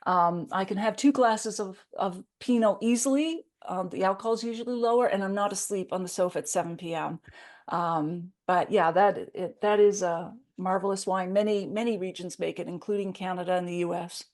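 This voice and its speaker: A woman's voice: medium pitch, moderate pace, darkish tone. A woman speaker chatting on a video call, playful and self-deprecating, with many fillers. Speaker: keynote speaker. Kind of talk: casual conversation on a video call.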